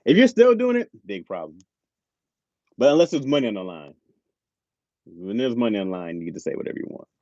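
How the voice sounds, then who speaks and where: A man's voice: medium pitch, sing-song, brisk, long pauses, dark tone, dry recording, lo-fi sound. A man hosting a live stream, chatting casually and laid-back, swearing and saying "bro". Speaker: streamer host. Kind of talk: casual chat.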